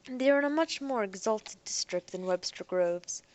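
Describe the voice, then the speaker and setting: A woman narrating an audiobook in a soft, even storytelling voice that sinks almost to a whisper at times. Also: on the high side, moderate pace.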